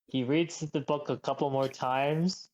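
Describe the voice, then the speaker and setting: A man in a casual tabletop role-play session, describing his character in a stammering, halting way. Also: medium pitch, fairly even intonation, darkish tone, muffled recording. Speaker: player.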